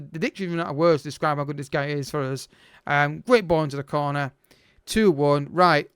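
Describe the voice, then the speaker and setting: A man's voice: a little high, clean tone, no echo, studio quality. A man commentating his own game as a let's play host, exasperated and urgent, calling out to the players.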